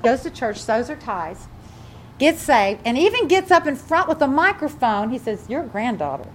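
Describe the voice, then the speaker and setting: Preaching with fervor and rising emphasis, a grandmother who pastors a congregation tells them a family story. Her voice sits high with lively intonation at a normal speed, over slight background noise.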